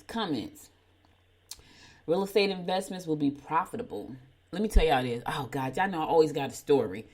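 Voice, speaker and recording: Host, woman, middle-aged, lowish voice, casual storytelling that laughs at itself. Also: darkish tone. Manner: chatty storyteller, laughs at herself, folksy. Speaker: morning show host. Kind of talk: casual chat and horoscope reading.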